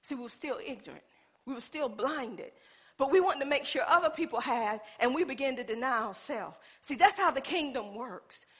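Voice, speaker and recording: A woman's voice: high voice, animated, moderate pace, a bit bright, slightly rough. A woman pastor preaching a sermon in a colloquial style. She calls out to the congregation and acts out little scenes from her own life.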